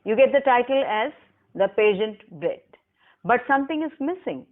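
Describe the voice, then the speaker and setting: A woman's voice: fairly high pitch, lively intonation, phone-quality sound. A woman lecturer, giving a recorded lesson and carefully spelling out words for students. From Pakistan. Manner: slow, deliberate teacher's delivery, spelling words aloud. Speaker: English lecturer.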